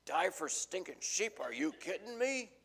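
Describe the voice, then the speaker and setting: A man's voice: big pitch swings, measured pace, gravelly, slightly rough, in a large hall, full character voice. A man putting on a yelping cowardly hired hand. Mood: scoffing. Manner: high shouting, flippant drawl.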